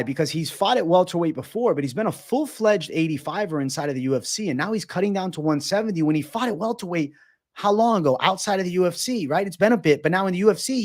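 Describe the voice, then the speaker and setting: A man hosting a casual fight-sports livestream, reading out chat questions and answering with frequent swearing. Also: on the high side. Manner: profane, casual, reads chat questions aloud. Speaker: MMA livestream host.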